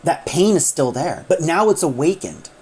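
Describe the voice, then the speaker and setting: Low-voiced woman casually retelling a story. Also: expressive, normal speed, a little mellow, husky. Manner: rambling, with many "like"s. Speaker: audio drama recapper.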